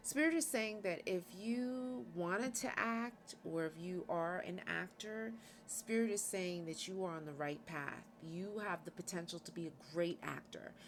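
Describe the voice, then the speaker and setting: A woman with a low voice gives a casual tarot reading straight to her viewers. She talks in a loose, conversational way and keeps checking in with little "okay?"s. A faint hiss of noise sits under the recording. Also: a little slow. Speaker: tarot reader. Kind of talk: casual spiritual reading to camera.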